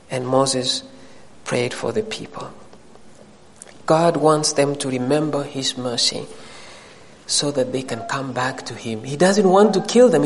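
Animated preaching man in a reverberant hall. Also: fairly high pitch, slight background noise. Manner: animated, rising emphatic preaching. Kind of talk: sermon.

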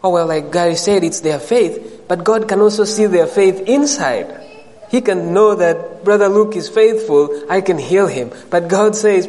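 A man's voice: high voice, moderate pace, a little mellow, big-room sound, poor audio. A man preaching a sermon to a congregation, addressing them directly and rising into emphatic questions.

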